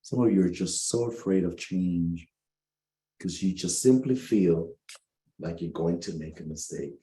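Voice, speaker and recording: A middle-aged man, a spiritual coach, giving a tarot reading with animated, preachy storytelling and calling listeners baby. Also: low-pitched, a little slow. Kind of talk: casual tarot reading monologue. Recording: echoey room.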